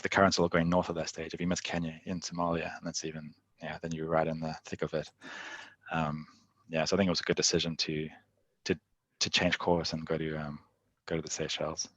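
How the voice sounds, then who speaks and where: Male interview guest, fast talker, low and flat, easygoing storyteller who laughs a lot. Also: dry recording. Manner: laughs often while recounting stories; loose, chatty phrasing full of "like". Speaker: guest, endurance athlete.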